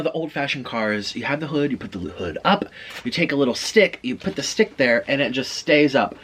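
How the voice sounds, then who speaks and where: A man's voice: on the high side, a bit bright. A man vlogging, telling a chatty story in a casual way between bites of food. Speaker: mukbang vlogger. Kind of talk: casual storytelling while eating.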